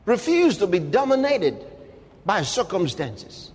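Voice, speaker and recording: A man preaching a sermon, emphatic and rhetorical, swinging between quiet asides and loud exclamations. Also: sits high, big pitch swings, takes it slowly, slightly rough. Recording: long hall reverb.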